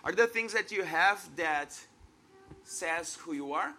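A man's voice: high voice, slow, sharp tone. A man in his thirties from Brazil with a Brazilian Portuguese accent, preaching an earnest, conversational sermon and laughing at himself now and then. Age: 30s.

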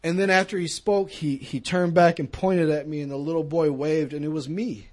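A man's voice: fairly high pitch, steady tone, normal speed. A man giving an earnest personal testimony in a conversational storytelling way, speaking to a young audience.

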